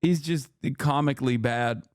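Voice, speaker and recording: A man's voice: mid-range voice, moderate pace, clean tone, no room sound, clean studio sound. A man doing blunt, profane, sarcastic reaction commentary as a streamer host.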